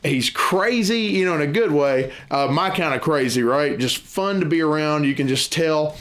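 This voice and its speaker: A man's voice: fairly high pitch, normal speed. A man hosting a board game channel, chatting to camera in a rambling, enthusiastic way, often restarting his sentences. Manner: loud and boisterous at times. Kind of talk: casual chat to camera.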